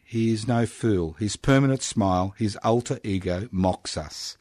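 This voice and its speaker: A man's voice: lowish voice, measured pace, darkish tone, dry recording. A man in his sixties with an Australian accent, hosting a casual community radio chat in a studio, teasing and jokey. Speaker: radio host.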